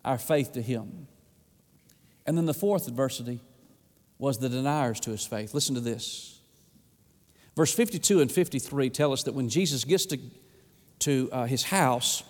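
Preacher, male, high voice, dynamic delivery dropping to a hush, long hall reverb. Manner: dynamic preaching with sudden drops to a low hush. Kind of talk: sermon.

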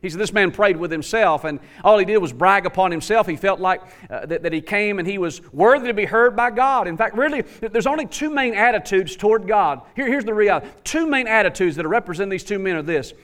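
Male preacher, high-pitched voice, impassioned sermon, addresses the congregation directly. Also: expressive, fairly quick, few pauses, fairly bright tone.

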